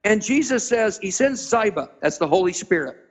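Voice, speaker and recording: A man preaching as a guest, retelling a Bible story dramatically and acting out the characters with sudden high-pitched voices. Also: expressive, rough recording. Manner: spells out and stresses Hebrew words slowly. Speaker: pastor being interviewed.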